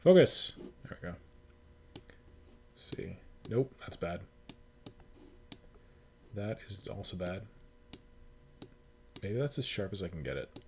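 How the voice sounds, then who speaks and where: A man's voice: deep voice, lively intonation, slow pace, long pauses, darkish tone. A Canadian man hosting a casual livestream, chatting with viewers and muttering to himself while he fiddles with his settings. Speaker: livestream host. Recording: noisy home livestream recording.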